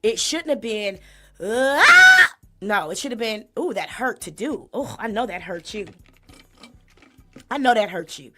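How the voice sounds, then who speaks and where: A woman hosting a comedic vocal critique, sassy and mocking, bursting into exaggerated loud sung imitations. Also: mid-range voice, animated, moderate pace. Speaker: host critiquing a singer. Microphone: desk mic.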